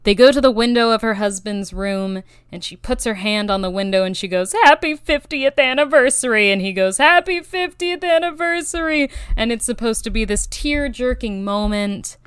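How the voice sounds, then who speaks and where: Young woman roasting a show, sarcastic, smooth clear voice, dry close mic. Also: medium pitch, normal speed, hardly any pauses, dry recording. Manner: sarcastic, builds to mock gushing excitement. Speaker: show reviewer. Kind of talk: sarcastic review commentary.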